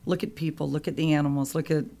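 A woman's voice: low voice, quick pace, creaky. A woman guest on a radio show telling a personal story with feeling, acting out the voices of the people in it. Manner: animated, acts out quoted voices.

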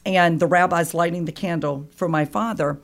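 On a radio show, a female guest relates a personal story with feeling, bringing its characters to life by acting out their voices. Her gravelly voice sits on the low side, and she speaks at a moderate pace.

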